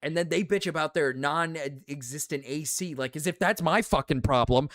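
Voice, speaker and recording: In a voice on the high side and a bit bright, a young man rants on his livestream at normal speed, cursing a lot and repeating himself. The audio is studio quality with no echo.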